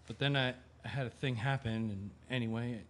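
An actor playing an ill man who talks quietly and wryly about his guilt. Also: medium pitch, fairly even intonation, brisk, close to an everyday voice. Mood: subdued. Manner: quiet, subdued, self-deprecating. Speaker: Ben, the sick man. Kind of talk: audio drama acting, inner monologue.

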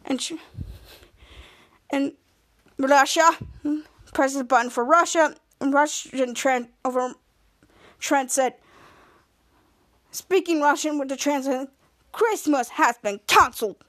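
A woman's voice: high-pitched, steady tone, fairly bright tone. A woman podcast host recapping a TV episode scene by scene, stumbling through restarts and half-finished words as she goes. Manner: halting retelling with frequent restarts and cut-off words.

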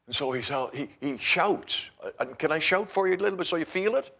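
A man pastor preaching a sermon in an animated storytelling manner, acting out scenes as he goes. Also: high-pitched, fairly quick, vocal fry, breathy edge.

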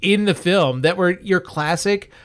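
A man's voice: high voice, unhurried. A man co-hosting a movie review podcast, talking casually, rambling with lots of uh and um and casual swearing. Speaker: podcast co-host.

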